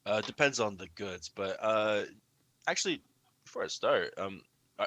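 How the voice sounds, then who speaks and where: A man's voice: fairly low pitch, animated, moderate pace, fairly bright tone. A man playing in a tabletop game, speaking hesitantly with many fillers. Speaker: player.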